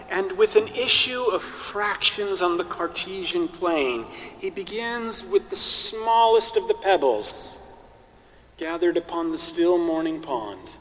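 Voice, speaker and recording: A male priest delivering a sermon in a conversational, animated way with wry humorous asides. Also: high voice, big-room sound, slight background noise.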